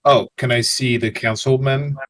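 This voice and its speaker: A man's voice: mid-range voice, steady tone, moderate pace, over a noisy crowd. A man playing a tabletop game who keeps checking the rules with questions. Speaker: player.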